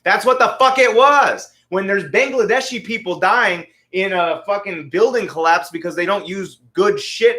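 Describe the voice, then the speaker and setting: A podcast host in his forties rants casually and heatedly, swearing a lot. His voice is high and bright, with a forceful tone.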